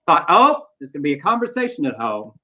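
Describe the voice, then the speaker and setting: A man co-hosting a casual news talk show, animated, with playful asides and quotes. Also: on the high side, quick pace, dull audio. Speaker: podcast co-host.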